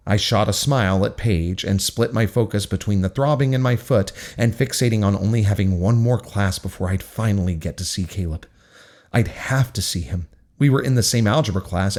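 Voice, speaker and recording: Guy reading a young adult novel out loud, angry and sweary, lower voice. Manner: intense, angry and profane. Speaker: audiobook narrator. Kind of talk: first-person novel narration.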